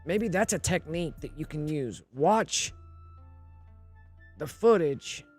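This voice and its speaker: A man's voice: fairly high pitch, lively intonation, slow pace, soft background music. A man streaming live, rambling and thinking aloud in casual talk, often repeating himself and asking if you know what he means.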